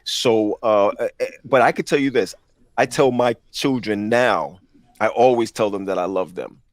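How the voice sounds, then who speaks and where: A man telling a personal story on a podcast panel, often halting and repeating words as he speaks. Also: fairly low pitch, no echo, studio quality. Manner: halting, repeats words while searching for them. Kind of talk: personal testimony in casual chat.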